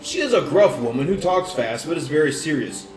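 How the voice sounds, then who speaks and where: A man's voice: a little high, lively intonation. Man narrating a tabletop game. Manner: descriptive, halting narration. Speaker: dungeon master. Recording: echoey room, distant mic, faint music.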